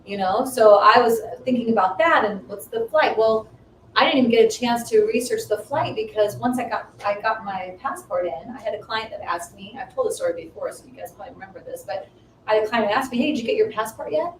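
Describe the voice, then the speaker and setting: A woman in her fifties sharing a personal story in casual chat, animated and acting out the dialogue she quotes. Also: fairly quick. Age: 50s. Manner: animated, acts out quoted dialogue with rising pitch. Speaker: guest. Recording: echoey room, mic at a distance, faint noise.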